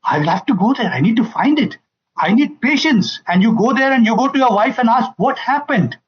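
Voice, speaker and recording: A man addresses an audience in an emphatic talk, his voice high and swinging widely in pitch. He hammers home key phrases and acts out the lines he quotes. The recording sounds dull and muffled. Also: lively intonation, brisk. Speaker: family seminar speaker.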